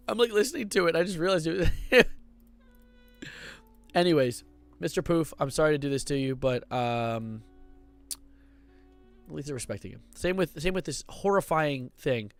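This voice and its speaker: A young man streaming casual commentary, excitable and rambling, swearing and breaking into sudden loud outbursts. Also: on the high side, a little slow, pauses often, faint music behind.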